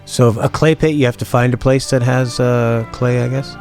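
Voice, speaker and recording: A man's voice: medium pitch, steady tone, moderate pace, a little mellow, faint music behind. A man in casual gaming chat with a friend, joking and playful. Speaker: gamer.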